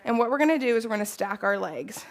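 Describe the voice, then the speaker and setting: Woman fitness instructor, higher-pitched, upbeat and encouraging, talks a class through a live workout. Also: animated, fast, rough recording. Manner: upbeat, encouraging, laughs often.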